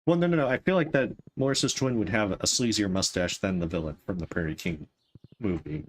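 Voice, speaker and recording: A man's voice: fairly low pitch, a little fast, a little hiss or hum. A man streaming a game, playfully chatting to the characters as he plays. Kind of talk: casual gameplay commentary. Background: faint game music.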